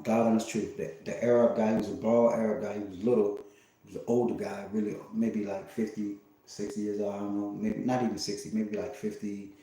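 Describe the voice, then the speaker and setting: A low-voiced man rambles through a casual livestream monologue, swearing freely and trailing off into fillers and false starts. His tone is dark and mellow. The sound rings with heavy reverb from a very echoey room. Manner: rambling, profane, full of fillers and restarts. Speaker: livestream host.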